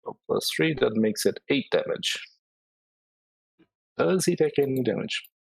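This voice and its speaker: A player in a tabletop game, chatting casually and excitedly, making playful sound effects. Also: medium pitch, measured pace, gravelly, breathy edge, dry recording.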